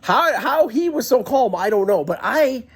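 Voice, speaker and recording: A man telling a comic personal story into a handheld camera, excitable and prone to giggling, shouting when he quotes himself. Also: very high voice, moderate pace, breathy edge.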